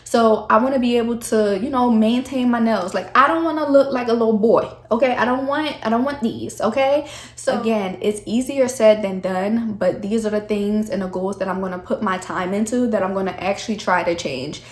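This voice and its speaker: A woman's voice: a little high, normal speed. A young woman, talking candidly to camera in a casual vlog, her voice a little shaky from the cold. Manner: chatty, candid, addresses viewers as y'all. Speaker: vlogger. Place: chilly room at home. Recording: echoey room.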